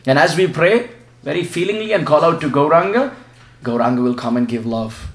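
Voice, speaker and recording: High-voiced man leading a devotional sermon. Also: expressive, fairly quick. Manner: asks the audience questions and leads them in repeating chants. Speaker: visiting spiritual teacher. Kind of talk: devotional sermon with call-and-response. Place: devotee's home, gathering room. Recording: echoey room sound.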